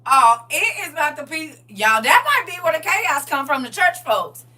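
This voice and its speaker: Bright, lively woman livestreaming. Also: sits high, moderate pace, recorded from a distance. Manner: animated, laughing, talks back to chat with slang. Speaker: livestream host. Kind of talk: casual livestream chat reading viewer comments.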